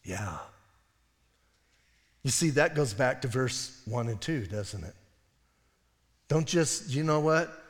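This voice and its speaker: A pastor delivering an expository sermon in a conversational way, breaking off into wry asides and correcting himself. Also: male voice, medium pitch, lively intonation, slow pace, pauses often, long reverb tail. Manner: conversational, self-interrupting preaching with wry asides.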